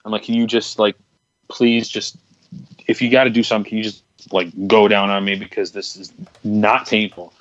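On a podcast, a young male co-host tells a long, candid story in casual chat, full of restarts and crude words. His voice sits lowish with little pitch movement at a moderate pace, and the recording is dry and muffled.

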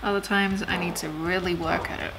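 A woman's voice: lowish voice, steady tone, fairly quick, background noise. A woman chatting casually and mocking herself as she does her makeup in a get-ready-with-me vlog. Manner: chatty, self-mocking, swears when frustrated. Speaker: beauty vlogger.

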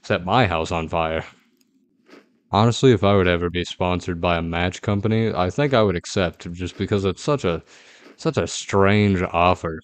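A man's voice: low-pitched, normal speed, no room sound. A man giving rambling, jittery, self-mocking commentary as a gaming YouTuber playing a horror game.

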